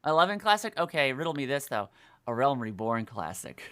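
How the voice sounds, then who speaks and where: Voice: mid-range voice, very animated, a little fast, a bit bright. A podcast guest chatting casually and with animation about games, with many fillers and restarts.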